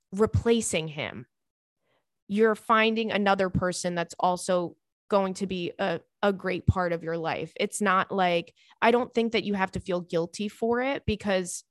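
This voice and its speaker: A young woman hosts her podcast in a loose, chatty way, reading a listener's letter and then talking through her advice with restarts and fillers. Her voice sits at an ordinary middle pitch. It is close to the mic in a dry, dead room. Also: dry recording. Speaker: podcast host. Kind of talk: casual chat, reading a listener email aloud.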